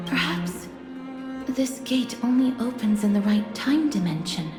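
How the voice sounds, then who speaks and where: An actress voicing a gentle, soft-spoken young woman in a game who hears Titans, in a breathy, hushed whispered role-play. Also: fairly high pitch, animated, a little slow. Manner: hushed and reverent. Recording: reverberant game audio with music.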